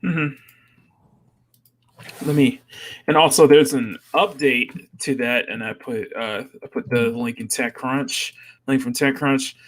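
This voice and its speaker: A man's voice: mid-range voice, steady tone, slow, pauses often. A man co-hosting a casual gaming stream, laid-back and repetitive, with small chuckles. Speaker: co-host. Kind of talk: casual chat on a live stream.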